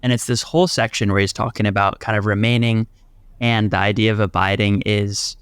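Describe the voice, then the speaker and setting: A man's voice: lowish voice, little pitch movement, brisk, a bit bright, clear, resonant tone, dry recording. A man hosting a podcast, speaking reflectively and asking thoughtful questions in a casual interview. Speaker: podcast host.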